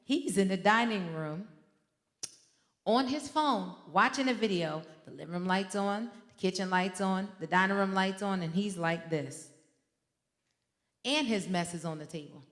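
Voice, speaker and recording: A woman's voice: mid-range voice, unhurried. Fervent woman preaching in a reverberant hall. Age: adult with a teenage son. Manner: fervent, conversational preaching with story asides. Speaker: minister. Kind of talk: sermon.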